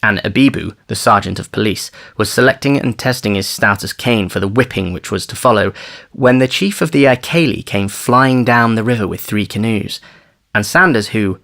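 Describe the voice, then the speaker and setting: A man narrating an audiobook thriller in a measured, wry storytelling manner. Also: fairly low pitch, vocal fry, fairly bright tone. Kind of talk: scripted narration.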